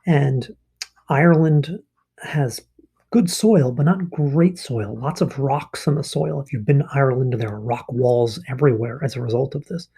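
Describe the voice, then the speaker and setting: A male history teacher explains a lesson conversationally in a recorded online class, often checking in with listeners through frequent ums and rhetorical "rights." His medium-pitched voice is warm and husky with vocal fry, at a moderate pace.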